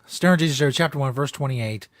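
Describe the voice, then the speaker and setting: A man hosting a comedic show, ranting about a video in profane, deadpan mock outrage. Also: mid-range voice, fast, dry recording, studio quality. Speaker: host.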